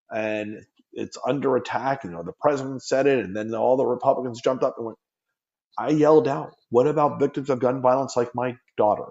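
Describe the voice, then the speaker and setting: Middle-aged guy from the us, earnest and pushy, mellow voice, kinda dull audio. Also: mid-range voice. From United States. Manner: earnest, emphatic, repeats words when pressing a point. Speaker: gun safety activist guest. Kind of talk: impassioned interview talk.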